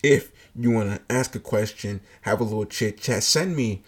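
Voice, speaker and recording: A man's voice: on the low side, normal speed, husky. A young man hosting a podcast, telling a story in a blunt, profane, joking way. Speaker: podcast host. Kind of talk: casual storytelling monologue.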